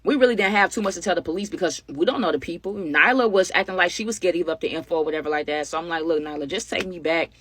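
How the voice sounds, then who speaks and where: A young woman telling a story in casual, animated talk, speaking straight to her viewers. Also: on the low side, rapid-fire, hardly any pauses, breathy edge. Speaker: storytime vlogger.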